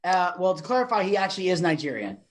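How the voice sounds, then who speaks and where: A man's voice: high-pitched, big pitch swings, quick pace. A man co-hosting a casual podcast, chatty and explaining his picks at length. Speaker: co-host.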